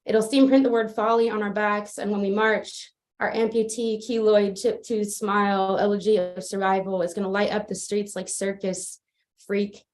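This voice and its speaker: Woman poet, spoken word, flat even read, via video call. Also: mid-range voice, normal speed. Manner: steady, even recitation with little rise and fall. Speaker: open mic poet. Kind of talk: spoken word poetry performance. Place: remote, joining from afar.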